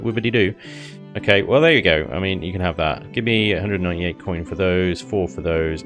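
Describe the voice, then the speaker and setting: A man's voice: sits low, a bit bright. Chatty joking man. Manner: chatty, joking, laughs often. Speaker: gaming YouTuber. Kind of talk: casual game commentary.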